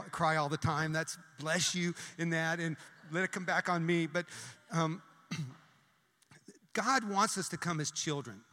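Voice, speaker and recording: Bright high-voiced man preaching in a hall. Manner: talks fast, many restarts and repetitions. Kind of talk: sermon.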